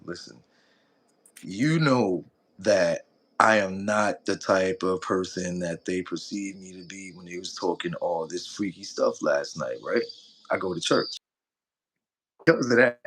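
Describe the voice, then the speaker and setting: A man with a New York accent banters on a livestream in a teasing, slangy way. His voice sits low, but his pitch swings around a lot as he jokes. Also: fairly bright tone. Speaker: stream guest. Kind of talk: casual livestream chat.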